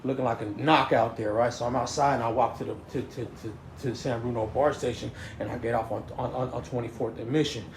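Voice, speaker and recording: Talking fast with hardly any pauses, this man has a mid-range voice and fairly even intonation. His casual story is rambling and full of stammers, restarts and repeated "you know what I'm saying," recorded in an echoey room with faint noise.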